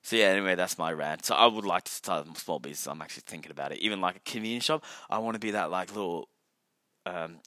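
A man's voice: low voice, quick pace, pushed and bright, dry recording, clean studio sound. A young man hosting a casual solo podcast, rambling and self-mocking, swearing often. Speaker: podcast host.

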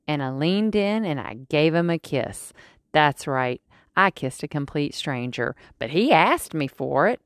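Lady podcast host, low voice, dry close sound, rambles on w/ lots of ums. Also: measured pace, dry recording. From United States. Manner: chatty and animated, with fillers and restarts. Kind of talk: casual storytelling monologue.

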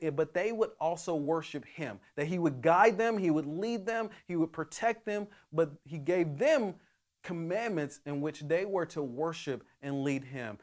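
Male pastor, conversational sermon delivery, somewhat high voice, halting restarts. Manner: conversational, with many restarts and fillers.

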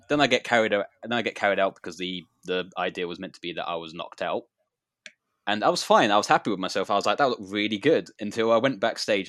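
Man, low pitch, rambling, filler-heavy, dry recording. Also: fairly bright tone, no room sound. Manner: rambling, with many fillers and restarts. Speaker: wrestler. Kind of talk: casual storytelling chat.

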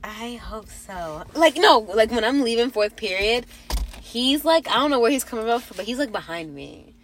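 Animated teen girl ranting, swearing. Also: a little high, moderate pace, slight background noise. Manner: animated storytelling, lots of swearing. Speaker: podcast co-host. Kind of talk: casual chat.

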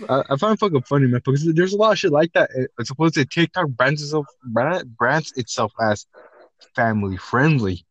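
A man's voice: medium pitch, brisk, no echo. Laughing, profane young man, lo-fi. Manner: profane, laughs often, animated retelling. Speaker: podcast co-host. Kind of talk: casual chat. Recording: dull lo-fi audio.

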